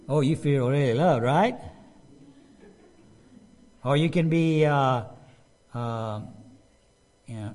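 Middle-aged male preacher, fairly high voice, conversational sermon, asks the room questions. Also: unhurried, long pauses, a little mellow.

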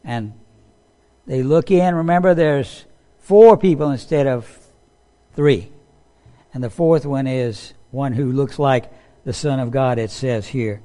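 A man's voice: medium pitch, takes it slowly, long pauses, mellow. A man preaching a sermon, talking casually to his listeners, acting out quotes and asking them questions. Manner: conversational, acts out quotes, asks the audience.

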